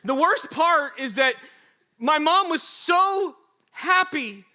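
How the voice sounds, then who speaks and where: Bright, high-voiced male pastor preaching. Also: slow. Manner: animated storytelling with acted quotes; chatty, addresses the congregation directly. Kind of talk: sermon.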